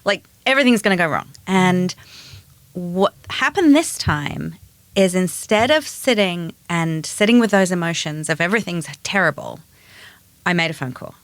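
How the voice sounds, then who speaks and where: A woman co-hosting a podcast, telling a personal story in quick, animated bursts. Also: fairly low pitch, no echo. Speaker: podcast co-host. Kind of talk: casual chat.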